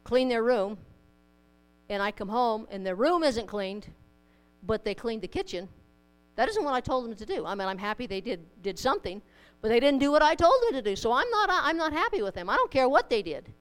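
Lady preacher giving a sermon, chatty and homey, kinda high smooth voice. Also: sing-song, a little fast, low-quality recording. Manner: conversational, with homely anecdotes and humor. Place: church in front of a congregation.

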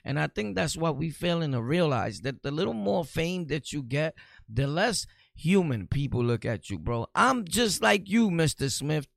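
A man's voice: fairly high pitch, animated, moderate pace, gravelly, no room sound. A man hosting his own podcast, talking bluntly and rambling in a casual, streetwise way as he answers viewer comments. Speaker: podcast host.

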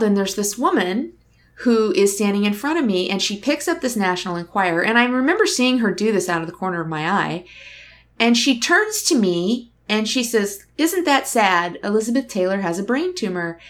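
A woman's voice: medium pitch, lively intonation, fairly quick, fairly bright tone. A woman in casual conversation, telling a personal story in a candid, reflective way and acting out the dialogue. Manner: candid, reflective, acts out dialogue in her stories.

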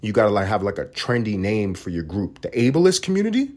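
Husky man ranting on a podcast. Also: lowish voice, wildly swooping pitch, a little fast, darkish tone. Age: adult parent. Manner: profane, heated, sarcastic ranting. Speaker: podcast host. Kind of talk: ranting solo podcast commentary.

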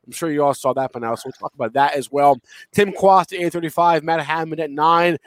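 A man's voice: a little high, brisk, no echo. A man with a cold giving a nasally voice, hosting a casual morning market show and running through the day's topics. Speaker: podcast host.

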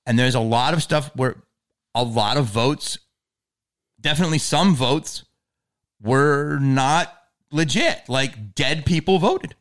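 A man's voice: medium pitch, animated, slow pace, pauses often. A man in casual podcast chat who talks a lot, swears freely and keeps pushing his point over the other speaker. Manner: talkative, interrupts, pushes his point. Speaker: podcast co-host or guest.

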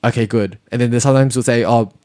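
A man's voice: mid-range voice, fairly even intonation, racing, a little mellow. A man co-hosting a casual podcast chat, laid-back and swearing freely. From Australia. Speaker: podcast co-host.

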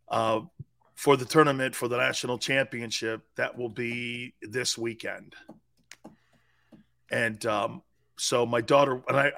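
Animated, bright-voiced man on sports radio. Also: mid-range voice, vocal fry. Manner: animated storyteller, peppers speech with "man" and "dude". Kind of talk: casual sports talk.

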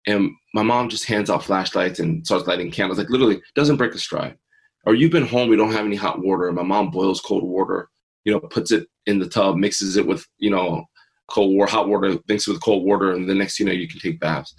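Guest in his forties, deep husky male voice, earnest personal storytelling in an interview. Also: fairly quick, poor audio. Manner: earnest, plays his own past thoughts. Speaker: interview guest, mindset coach.

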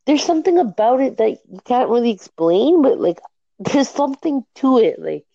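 A woman's voice: a little high, big pitch swings, normal speed, gravelly, warm tone, highs cut off. A young woman from Canada in casual conversation, chatty and giggly, with many fillers as she tells stories. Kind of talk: casual chat.

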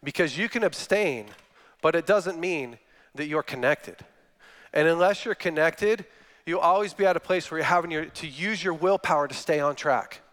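A man's voice: a little high, normal speed, fairly bright tone. A man in his thirties, a guest speaker giving a sermon, telling stories and acting out quotes. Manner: storytelling with acted-out quotes. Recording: long hall reverb.

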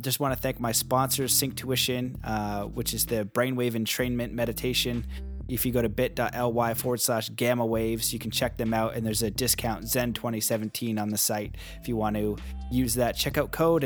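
A man hosting a podcast, closing the episode in a relaxed way with many fillers. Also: mid-range voice. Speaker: podcast host. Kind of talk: casual outro and sponsor read. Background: faint music.

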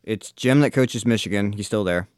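A man's voice: fairly low pitch, normal speed, a little mellow, clean tone, no echo, clean studio sound. A man hosting a casual podcast, reading sports headlines with many filler uhs. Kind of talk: casual chat.

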